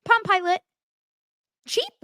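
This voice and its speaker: A woman voicing a snobby rich woman who brags about her wealth in a shrill, haughty tone. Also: lively intonation, slow pace, bright, forceful tone, dry recording, clean studio sound, exaggerated voice. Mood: bragging.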